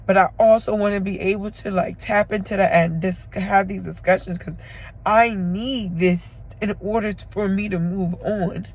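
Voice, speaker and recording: A woman talking to her camera in an emotional confessional vlog, tearful and halting as she rambles through her feelings. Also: medium pitch, fairly even intonation, darkish tone, poor audio. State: tearful from crying. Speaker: vlogger.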